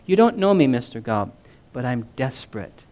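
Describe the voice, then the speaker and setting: A man's voice: mid-range voice, big pitch swings, moderate pace, a little mellow, close to an everyday voice. A man voicing a distraught woman caller in a story he reads aloud, in a raised, pleading voice. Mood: desperate.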